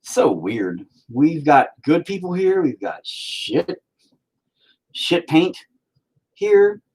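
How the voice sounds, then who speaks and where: A man's voice: on the high side, big pitch swings, drawn-out words, a little mellow, slightly rough. An American man who hosts his own channel rants casually and profanely while painting, with sarcastic asides. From United States. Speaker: channel host.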